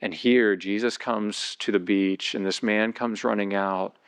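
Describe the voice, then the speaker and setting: A male pastor delivers a sermon at an unhurried pace, retelling a Bible story vividly and rising into excited, high-pitched passages.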